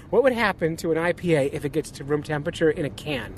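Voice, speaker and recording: A man co-hosts a podcast from a moving car, joking and telling stories in a slightly high voice. He teases his companions with a relaxed, playful delivery. A faint car hum runs underneath. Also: quick pace. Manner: joking, storytelling, teasing. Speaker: podcast co-host. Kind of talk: casual road trip chat.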